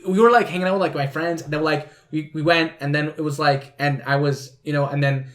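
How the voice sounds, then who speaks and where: A man's voice: a little high, fairly even intonation, brisk, fairly bright tone. A man hosting a casual podcast chat, rambling with lots of "like" and frequent laughter. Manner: rambling, fillers of "like", laughs often. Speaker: podcast host.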